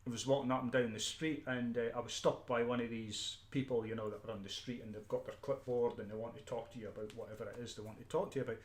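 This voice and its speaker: A Scottish man giving an unscripted, emphatic ranting monologue as a street preacher, often repeating himself, restarting and clearing his throat. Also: medium pitch, steady tone, fast, hardly any pauses, echoey room.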